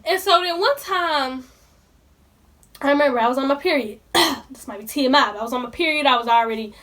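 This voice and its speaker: A woman's voice: sits high, a bit bright. A young woman telling a storytime vlog in colloquial speech, indignantly ranting straight to her viewers. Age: young adult. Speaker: vlogger.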